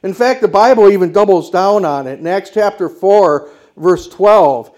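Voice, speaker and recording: A male pastor delivering a sermon in a fairly high voice. He speaks in firm, declarative statements and puts rhetorical questions to his congregation. His delivery is emphatic and insistent. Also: normal speed, darkish tone, muffled recording.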